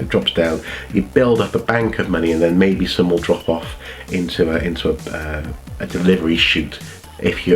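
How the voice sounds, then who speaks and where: A man with a cold telling meandering, casual stories from his childhood, often breaking off to correct himself. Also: sits low. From North Wales. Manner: meandering, self-correcting, chatty. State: has a cold. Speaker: vlogger. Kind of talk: casual storytelling.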